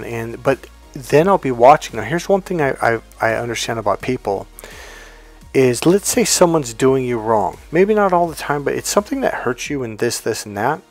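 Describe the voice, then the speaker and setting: A man's voice: mid-range voice, lively intonation, normal speed, faint music behind. A man in a life coach role, talking through an example in a casual teaching monologue and acting out the quoted dialogue. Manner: conversational, acts out quoted dialogue.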